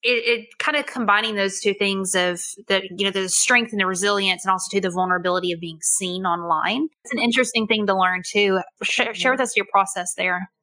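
A woman's voice: mid-range voice, fairly even intonation, fairly quick, hardly any pauses. A woman hosting an interview, asking reflective questions and affirming her guest often. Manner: warm affirming, frequent "mm" and "amen". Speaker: interview host.

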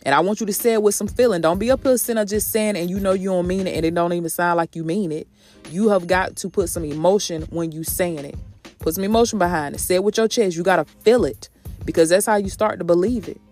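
Woman podcast host, fairly low voice, sassy and preachy, faint music behind. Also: fast talker, darkish tone. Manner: sassy, preachy, calls listeners sis and honey. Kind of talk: motivational podcast talk.

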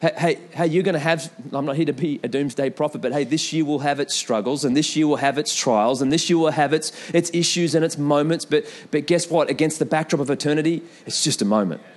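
A young man preaching a sermon in an animated way, with repeated calls to the congregation and storytelling asides. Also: a little high, brisk, few pauses. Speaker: pastor.

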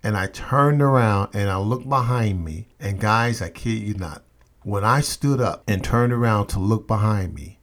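A man's voice: lowish voice, a little slow. A man hosting a motivational podcast, telling a personal story emphatically and repeating refrains. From St. Louis area, USA.

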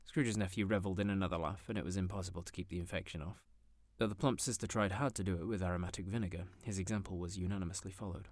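A man narrating a classic story in an expressive, theatrical manner. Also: low-pitched, rapid-fire, no room sound. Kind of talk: audiobook narration.

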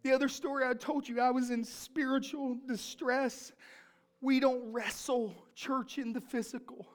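A woman's voice: high-pitched, steady tone, a little slow. A woman preaching a sermon, telling a personal story in an emphatic, fervent manner.

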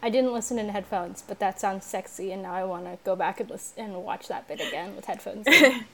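A woman's voice: medium pitch, brisk, fairly bright tone, a little hiss or hum. A young woman co-hosting a casual chat, rambling with many fillers and restarts. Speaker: podcast co-host. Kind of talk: casual chat about an anime.

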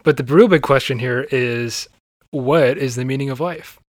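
A man hosting a podcast in laid-back conversation, thoughtful and quick to laugh. The recording is dry and close, with no room sound. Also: medium pitch, no room sound. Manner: relaxed, thoughtful, laughs often. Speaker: podcast co-host. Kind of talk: casual chat.

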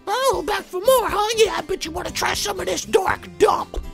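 A raspy, gravelly old grandma cook played by a man pitches her crude desserts in a loud huckster bark. Her voice sits very high and grainy. Faint music plays under the infomercial. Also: moderate pace. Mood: brash. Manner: brash huckster pitch, shouted lines. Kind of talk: comedic infomercial parody dub.

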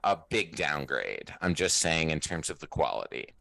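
Deep, bright-toned chatty man. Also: sing-song, moderate pace, creaky, no room sound. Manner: chatty, profane, laughs often. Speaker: podcast co-host. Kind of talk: casual chat.

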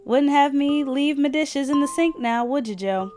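A woman voicing a hurried, good-humored village housewife with chatty, folksy banter. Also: medium pitch, a little mellow, soft background music, natural voice. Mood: teasing.

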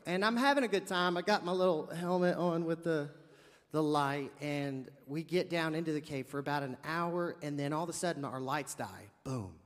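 A man's voice: fairly high pitch, normal speed, big-room sound. A man preaching a sermon, telling a funny story with lots of acted-out dialogue and comic asides. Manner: animated, jokey storyteller acting out dialogue.

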